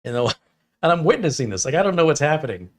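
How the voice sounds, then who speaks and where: A man's voice: a little high, big pitch swings, fast. A man in his fifties from Michigan, a computer technician chatting casually with viewers on a livestream in a wry, opinionated manner with sarcastic asides. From Michigan, USA. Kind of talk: casual chat answering viewers.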